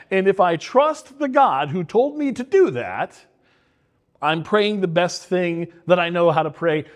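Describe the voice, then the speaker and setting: A middle-aged man preaching a sermon in an earnest way, often restarting and repeating words. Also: high-pitched. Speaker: pastor.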